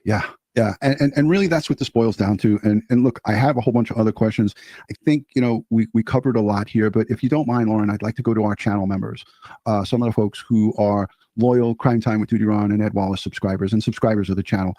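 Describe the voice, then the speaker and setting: A man's voice: fairly low pitch, fairly even intonation, quick pace, mellow, no echo, clean studio sound. A man co-hosting a true crime interview show, earnest and indignant as he addresses the audience directly. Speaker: co-host of a true crime channel.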